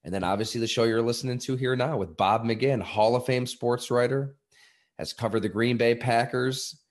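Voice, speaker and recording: A man hosting a sports podcast, talking eagerly and a little out of breath, with lots of fillers. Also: medium pitch. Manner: eager, rambling promo with fillers. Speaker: podcast host. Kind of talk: casual podcast talk.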